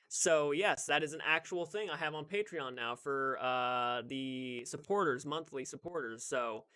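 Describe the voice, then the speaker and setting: A man's voice: fairly high pitch, a bit bright. A young man hosting a casual live stream, chatting and greeting viewers by name, often restarting his sentences.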